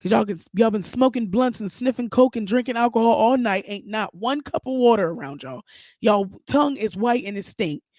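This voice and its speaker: A woman hosting a podcast, giving outspoken, animated, profane commentary. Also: fairly high pitch, brisk, no room sound, clean studio sound. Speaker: podcast host. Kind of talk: casual commentary.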